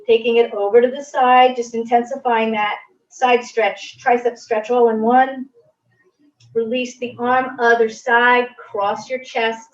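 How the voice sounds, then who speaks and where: A woman fitness instructor calmly guiding a stretching class with gentle, reassuring cues. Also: on the high side. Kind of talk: guided exercise instruction. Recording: roomy, distant, dull audio.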